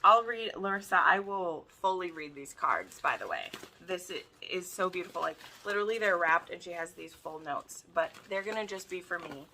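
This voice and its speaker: A woman hosting a casual unboxing video, gushing and excitable, often gasping as she talks. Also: lowish voice, normal speed, hardly any pauses, a little hiss or hum. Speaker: book video host.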